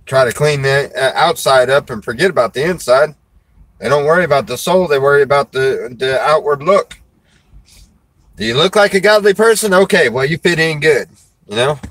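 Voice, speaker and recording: A man's voice: on the high side, animated, moderate pace, fairly bright tone, no room sound, poor audio. Folksy preacher man, rambling. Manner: folksy, rambling, laughs often. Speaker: preacher and show host. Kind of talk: casual chat.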